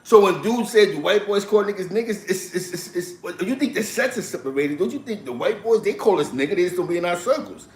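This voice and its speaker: A man's voice: high voice, fairly quick, hardly any pauses. A man telling street and prison stories in casual chat, acting out other people's lines with lots of laughter. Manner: animated, laughing, acts out quotes. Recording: echoey room.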